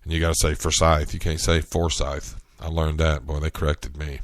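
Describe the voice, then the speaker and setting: Low-voiced Southern man telling stories. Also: little pitch movement, moderate pace, dry recording, clean studio sound. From North Carolina, US. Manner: chatty, storytelling, frequent restarts. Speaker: podcast host. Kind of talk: casual solo monologue.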